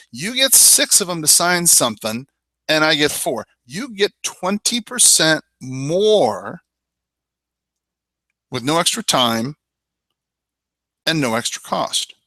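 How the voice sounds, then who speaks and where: A man's voice: on the high side, sharp tone, no echo. A man coaching real estate agents in a webinar, emphatic and persuasive. He talks straight to the listener and often says "I mean" and "you know". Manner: addresses listener directly with rhetorical questions. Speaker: real estate sales trainer.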